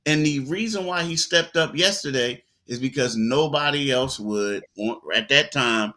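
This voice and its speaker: Bright-voiced man talking basketball. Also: mid-range voice, measured pace. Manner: animated storytelling with quoted asides. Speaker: sports show co-host. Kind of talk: casual sports talk.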